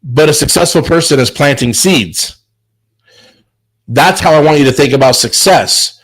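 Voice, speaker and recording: A man's voice: a little high, moderate pace, fairly bright tone, husky, poor audio. A man hosting a chef business show, giving an emphatic, preachy motivational talk on a video call. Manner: emphatic, preachy, repeats words. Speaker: host.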